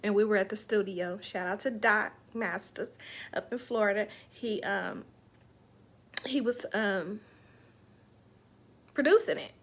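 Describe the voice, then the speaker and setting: A woman's voice: medium pitch, a little slow, pauses often. A woman hosting an online live show, chatting casually and emotionally about her faith and her week. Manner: emotional, heartfelt, faith-filled talk. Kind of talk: casual livestream chat.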